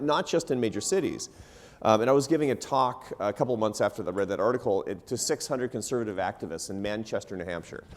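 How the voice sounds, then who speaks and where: A middle-aged man from the United States tells a long story to a live audience from a stage mic. His pitch is lively and swings widely, and he keeps breaking into laughter and wry asides about himself. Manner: animated, laughing often, self-deprecating asides. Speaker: panelist. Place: event hall before a live audience.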